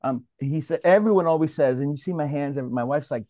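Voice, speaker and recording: Casting: animated male moderator from New York, slightly high voice, muffled dry call audio. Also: fast, no echo. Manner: animated, restarts often, calls on others. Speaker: mediator leading a roundtable. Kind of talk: casual discussion, moderating.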